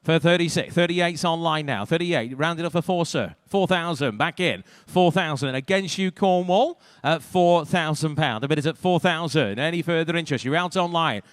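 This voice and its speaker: A British man working as an auctioneer, calling out bids in a rapid rhythmic patter with dry joking asides. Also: fairly high pitch, smooth, no room sound. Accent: British English. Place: auction sale room.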